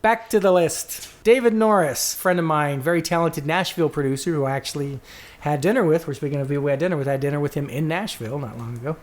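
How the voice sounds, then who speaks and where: A fast-talking man with a fairly high pitch co-hosts a podcast. His delivery is casual and rambling, full of self-corrections, and he reads listener answers out loud.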